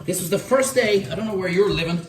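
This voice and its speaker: A man's voice: sits high, quick pace. An Irish man hosting a casual cooking demonstration in his kitchen, chatty and playful, repeating words in a sing-song way. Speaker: cooking show host.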